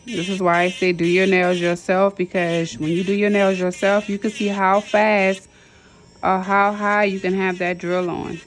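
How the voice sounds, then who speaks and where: A woman with a medium-pitched, level voice speaks at a moderate pace over a faint hiss or hum, with a nail drill whirring in the background. She's a nail technician teaching a class, demonstrating drill work in a chatty, casual, repetitive step-by-step way and using Southern US slang.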